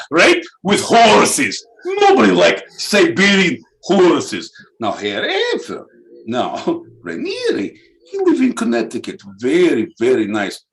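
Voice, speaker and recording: A man's voice: medium pitch, heavily acted, low-quality recording. A man voicing a self-assured Russian man with a thick Russian accent, broken grammar and rhetorical questions.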